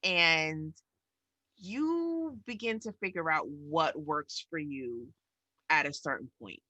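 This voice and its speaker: A New York woman chatting on her podcast, animated and full of acted-out reactions. Her pitch leaps around freely and her voice sounds bright and forward. The sound is dry, with no room behind it. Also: slow pace, no room sound. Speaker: podcast co-host. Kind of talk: casual podcast chat.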